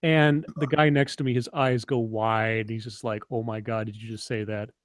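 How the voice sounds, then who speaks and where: A man's voice: lowish voice, level tone, moderate pace, dry recording. A man co-hosting a casual online chat, telling long stories with many fillers and restarts. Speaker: podcast co-host.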